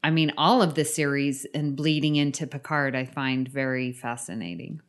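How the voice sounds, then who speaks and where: A woman's voice: extremely low pitch, normal speed. A woman co-hosting a podcast, chatting enthusiastically. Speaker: podcast co-host. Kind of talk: casual podcast chat.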